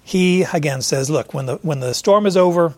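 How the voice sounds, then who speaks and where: A man preaching an expository sermon in a conversational way, pausing to search for verse numbers and now and then voicing imagined questions to a listener. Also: on the high side, a little mellow. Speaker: pastor.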